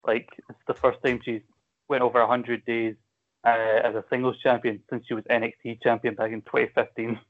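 A man's voice: mid-range voice, little pitch movement, a little fast. Scottish man on a tinny call line. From Scotland. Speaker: podcast co-host. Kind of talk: casual wrestling chat over a call. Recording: tinny phone-like call audio.

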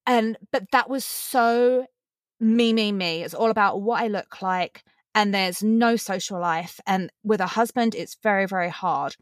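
A woman's voice: medium pitch, a little slow, no room sound, studio quality. A woman guest on a podcast, talking earnestly and at length, laughing between thoughts. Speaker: podcast guest, pageant contestant. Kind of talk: casual podcast interview.

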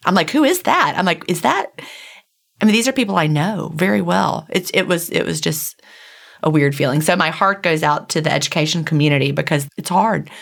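Middle-aged woman co-host, low gravelly voice, earnest and rambling. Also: fairly bright tone. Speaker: podcast co-host. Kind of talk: casual podcast chat.

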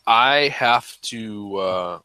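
A man's voice: fairly low pitch, drawn-out words, pushed and bright, clear, resonant tone, no room sound. A man co-hosting a cigar podcast in casual chat, hesitant and careful as he qualifies his tasting notes.

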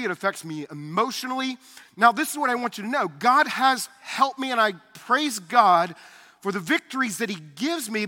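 A man's voice: high-pitched, bright, forceful tone, in a large hall. A middle-aged man preaching a sermon as pastor, earnest and confessional, a little out of breath as he talks. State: slightly out of breath from carrying a heavy backpack. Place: church sanctuary.

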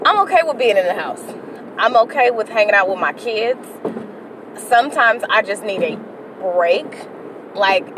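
A woman, hosting a casual solo podcast, talking candidly and profanely in a rambling way with sudden outbursts, from inside a car. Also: on the high side. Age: early 30s. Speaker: podcast host. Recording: distant mic with car road noise.

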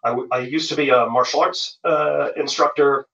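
Guy author chatting on a call, bright punchy voice, kinda far off and echoey. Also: medium pitch, moderate pace, gravelly, dull audio. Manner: animated storytelling with frequent restarts. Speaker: guest author. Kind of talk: casual interview chat.

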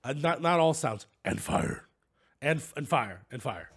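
A man's voice: mid-range voice, very animated, unhurried, breathy edge, full character voice. A man doing a flustered, agitated reporter. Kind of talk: comedic fan reenactment.

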